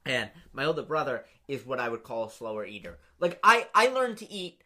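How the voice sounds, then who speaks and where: A man with a bright, forward voice tells a family story on a casual podcast. He talks fast and loose, with many fillers and sudden laughing bursts. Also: medium pitch. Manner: animated, laughing, quick retelling with many fillers. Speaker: podcast co-host.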